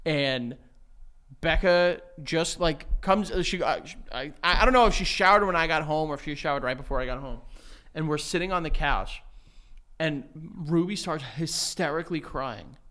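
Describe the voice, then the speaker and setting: High-pitched, laughing man telling stories. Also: normal speed. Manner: laughing, animated storyteller, swears often. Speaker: podcast co-host. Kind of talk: casual chat.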